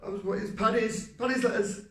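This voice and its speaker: A man voicing an apologetic man in pain, in a high, strained voice. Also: steady tone, a little fast, natural voice. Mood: anxious apology. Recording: roomy, distant mic.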